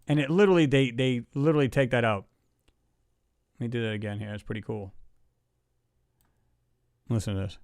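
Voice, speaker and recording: A man's voice: mid-range voice, fairly even intonation, brisk, pauses often, a little mellow, no echo. A man hosting a casual livestream chat, talking in a loose, rambling way and reading viewer comments aloud. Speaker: livestream host.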